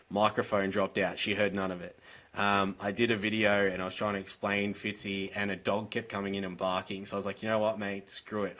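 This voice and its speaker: A man with an Australian accent speaks in a somewhat low register. His talk is direct and earnest, the frank conversational way of a podcast guest. He sounds like he is on a video call. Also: fairly bright tone. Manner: direct, earnest, plain-spoken. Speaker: podcast guest, mental health advocate. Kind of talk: candid conversational storytelling.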